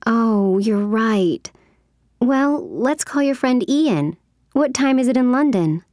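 A woman speaking clearly in a scripted everyday dialogue for an English course. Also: on the high side, animated, slow, a little mellow, no echo, clean studio sound.

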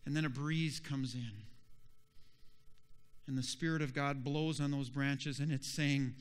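A male pastor preaching a sermon, telling a story slowly and dramatically with emotional swells. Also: medium pitch, steady tone, smooth.

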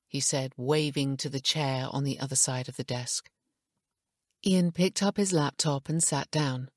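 A woman reading an audiobook as narrator in a steady, even storytelling manner. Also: rumbling low, normal speed, dry recording, clean studio sound. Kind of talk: scripted narration.

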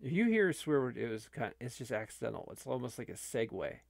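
A man's voice: mid-range voice, very animated, quick pace, gravelly, no echo. A man, an online video creator, talking casually and rambling with many restarts.

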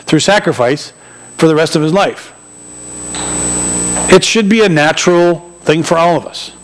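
A pastor with a notably high voice delivers a sermon in a church. He talks in a loose, conversational way, tossing jokes and asides to people in the pews. The recording is of poor quality. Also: animated, moderate pace, slight background noise. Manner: conversational and joking, with acted-out asides. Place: church sanctuary.

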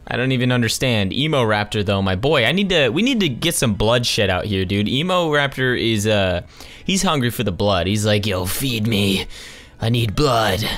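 A man's voice: medium pitch, lively intonation, normal speed, fairly bright tone. Slangy young man gaming commentary. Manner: slangy, jokey, sarcastic, calls everyone dude. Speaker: gaming channel host. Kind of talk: casual let's-play commentary.

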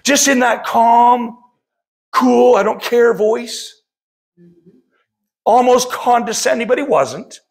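A man's voice: very high-pitched, slow, pauses often. A middle-aged man preaching a sermon as pastor, impassioned and often calling out to the congregation.

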